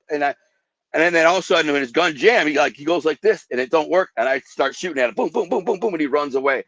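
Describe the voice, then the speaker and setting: A man telling dramatic life stories in an animated way, acting out gunshots with sound effects. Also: a little high, brisk, vocal fry, no room sound, lo-fi sound. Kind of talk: animated storytelling.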